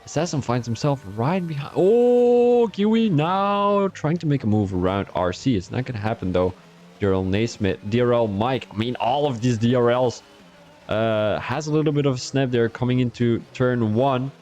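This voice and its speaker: A man's voice: mid-range voice, brisk, darkish tone. A young man from Belgium, giving chatty live-stream commentary on an online racing league and talking to his chat between calls.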